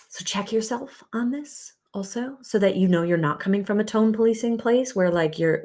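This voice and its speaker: A woman's voice: fairly low pitch, a little mellow. A woman relationship coach teaching in an earnest, loose way, with many fillers and restarts. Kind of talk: casual teaching talk.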